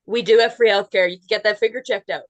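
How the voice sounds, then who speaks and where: A woman from Saskatchewan, a podcast guest chatting casually in a relaxed, talkative way. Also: medium pitch, fast, low-quality recording. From Saskatchewan, Canada. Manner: chatty, relaxed, laughs easily. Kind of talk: casual chat.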